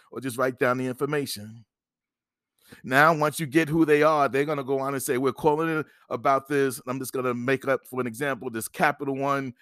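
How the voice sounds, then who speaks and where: A man's voice: mid-range voice, a bit bright, smooth, no echo, clean studio sound. A middle-aged man hosting an advice podcast, talking emphatically and repeating himself, acting out both sides of a phone call. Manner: repetitive, emphatic, acts out phone calls. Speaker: podcast host giving credit advice. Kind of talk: instructional podcast monologue.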